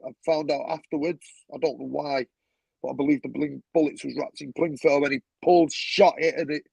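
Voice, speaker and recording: A man's voice: a little high, steady tone, fairly quick, vocal fry, darkish tone, slightly rough, no echo, rough recording. A man telling stories as a guest on a talk show, blunt and swearing freely, with a lot of "you know what I mean". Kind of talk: casual storytelling.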